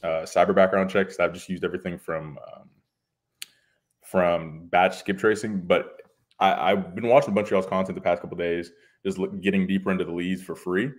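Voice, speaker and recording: Low-voiced young male caller. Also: little pitch movement, moderate pace. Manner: polite, hesitant, many ums. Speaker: caller asking for advice. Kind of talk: casual call-in question.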